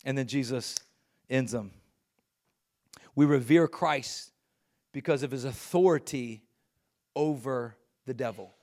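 A middle-aged male pastor preaching a sermon, reading scripture and building to loud, emphatic points. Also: medium pitch, slow, long pauses.

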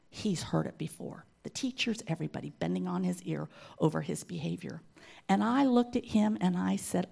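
A middle-aged woman leading a children's ministry, giving a church testimony and appeal with animated storytelling and acted-out quotes. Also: fairly low pitch, creaky, husky. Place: church sanctuary.

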